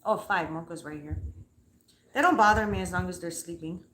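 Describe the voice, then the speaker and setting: A woman with a fairly low, somewhat bright voice talks at a moderate pace, hosting a livestream from her home with dogs nearby. Her story comes out as a blunt, profane, fired-up casual rant. There's slight background noise, and the recording sounds roomy and echoey.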